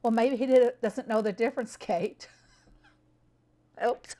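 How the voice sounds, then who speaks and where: A woman's voice: a little high, steady tone, measured pace, warm tone. A woman streaming a farming game, chatting casually with her viewers, answering them by name and laughing often. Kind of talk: casual live-stream chat.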